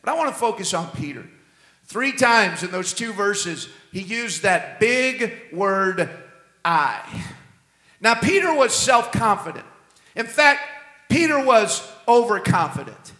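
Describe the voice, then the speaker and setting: Male pastor preaching, bright high-ish voice, loud then soft, big roomy echo. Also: measured pace. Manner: animated, emphatic, swings loud and soft. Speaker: senior pastor. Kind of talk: sermon.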